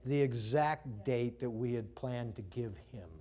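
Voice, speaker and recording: A preacher with a dark, mid-range voice speaks at a measured pace as he tells a personal story in his sermon. Conversational throughout, he acts out the people he quotes.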